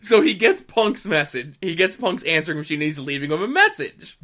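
A man's voice: on the high side, brisk. A man telling wrestling backstage stories in casual podcast chat, with sly asides. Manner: animated storyteller, sly asides.

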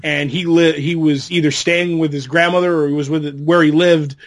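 A man's voice: fairly high pitch, fairly even intonation, moderate pace. A middle-aged man co-hosting a podcast, chatting casually and telling long, rambling anecdotes with a laugh now and then. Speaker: podcast co-host. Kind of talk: casual chat.

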